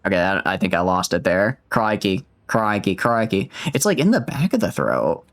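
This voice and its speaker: A man's voice: sits low, huge pitch swings, a little fast. A man streaming a video game, chatting casually and rambling in a self-mocking way with many restarts. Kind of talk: casual let's-play commentary.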